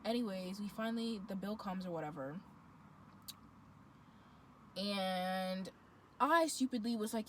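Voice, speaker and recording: Animated slangy woman. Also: medium pitch, moderate pace, pauses often, slight background noise, low-quality recording. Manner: animated, slangy, dramatic retelling. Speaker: vlogger. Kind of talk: storytime monologue.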